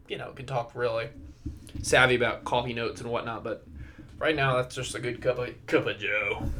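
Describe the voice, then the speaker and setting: A man's voice: mid-range voice, fairly bright tone, slight background noise. A young man hosting his own podcast, talking casually and rambling with lots of swearing and laughter. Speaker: podcast host. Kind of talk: casual solo podcast chat.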